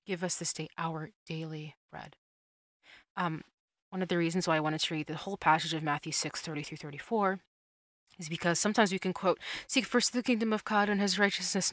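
Young woman rambling on her faith podcast, kinda low voice, dry close sound. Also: fairly bright tone, no room sound. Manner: chatty, rambling, earnest. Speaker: podcast host. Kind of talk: solo faith podcast monologue.

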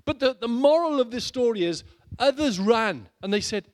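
A middle-aged man preaching a sermon, dramatic and shifting between loud urging and hushed low lines. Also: very animated, moderate pace. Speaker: pastor.

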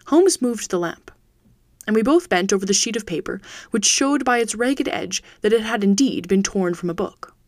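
A woman reading a classic detective story aloud as a podcast host, measured and steady. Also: medium pitch, no echo. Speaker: podcast reader. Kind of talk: audiobook narration.

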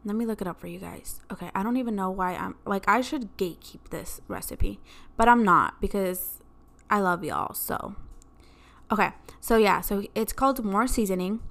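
A young woman hosting a casual solo podcast, telling a family story in an animated, dramatic way and acting out quoted dialogue. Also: mid-range voice, moderate pace, vocal fry. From Mexican-American family. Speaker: podcast host.

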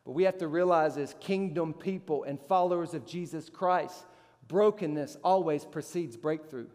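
High-voiced preaching man in echoing hall. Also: moderate pace, darkish tone. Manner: emphatic, rising sharply on rhetorical questions. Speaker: pastor. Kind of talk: sermon.

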